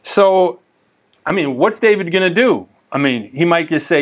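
A man with a highish voice, speaking at a moderate pace, teaches the Bible casually and conversationally. He tells stories with lively asides and keeps restarting.

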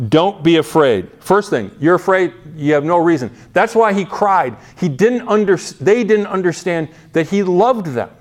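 A man preaching a sermon in an earnest, conversational way, often restarting his phrases. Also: a little high. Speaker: pastor.

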